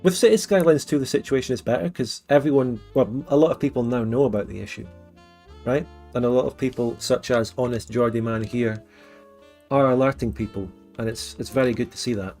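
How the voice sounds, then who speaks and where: A man's voice: medium pitch, a little fast, a little mellow. Casual male streamer host, rambling and joky, faint music behind. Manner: rambling, joking, many fillers. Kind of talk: casual livestream chat.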